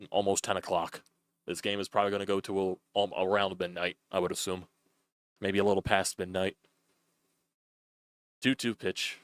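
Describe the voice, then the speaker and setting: A man's voice: sits low, fairly bright tone, no echo. A young man doing loose, chatty play-by-play on a live stream, swearing freely as he calls a baseball game.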